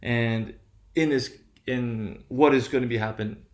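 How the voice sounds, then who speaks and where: A man's voice: mid-range voice, fairly even intonation, a little slow. Man lecturing in an echoey room. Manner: patient, explanatory, checks in with "right?". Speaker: university lecturer. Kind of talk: recorded lecture.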